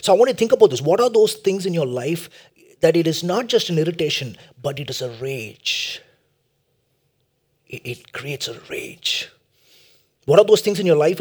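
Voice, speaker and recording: A middle-aged man from India preaching a sermon, swinging from loud emphatic lines to hushed near-whispers and repeating his points as questions to the congregation. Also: a little high, husky. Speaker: pastor.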